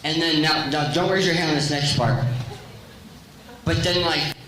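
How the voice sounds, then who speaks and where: A man's voice: fairly high pitch, moderate pace, pushed and bright, a little hiss or hum. A man preaching a jokey live sermon, quizzing his congregation in a large church hall. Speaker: pastor. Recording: very echoey church hall, faint ambience.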